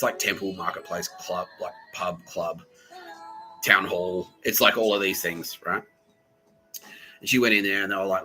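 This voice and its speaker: A man's voice: deep voice, pushed and bright, poor audio. A man hosting a podcast, talking in a rambling, profane comedic monologue full of fillers and restarts. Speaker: podcast host.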